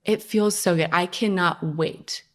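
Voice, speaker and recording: A young woman, a podcast guest, telling her personal story in a lively, conversational way. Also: on the low side, a little slow. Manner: animated storytelling, acts out her own past voice.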